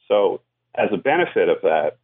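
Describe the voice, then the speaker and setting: Low husky man on a phone line. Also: sing-song, normal speed. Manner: explanatory, frequent "you know" fillers. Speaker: media policy guest expert. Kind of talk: radio call-in discussion.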